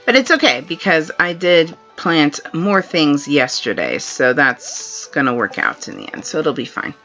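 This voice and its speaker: A woman streaming a game live, chatting in a relaxed way and laughing often as she plays, with dull lo-fi stream audio and faint game music behind her. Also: sits low, unhurried. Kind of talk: live gameplay commentary.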